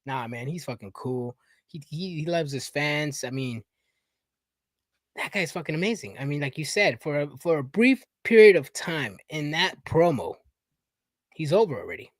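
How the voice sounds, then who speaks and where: High-pitched male co-host, eager swearing chatter, dry mic. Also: lively intonation, moderate pace, no room sound. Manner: eager, swearing, backs up his friend. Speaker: podcast co-host. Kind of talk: casual chat.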